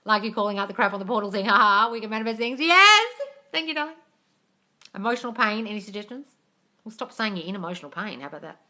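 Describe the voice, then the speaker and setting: A woman's voice: medium pitch, very animated, quick pace, pushed and bright. A woman coaching on a livestream, reading out viewer comments and answering them bluntly, with lots of swearing and calling people darling. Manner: blunt and profane, calls listeners darling. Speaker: manifesting coach.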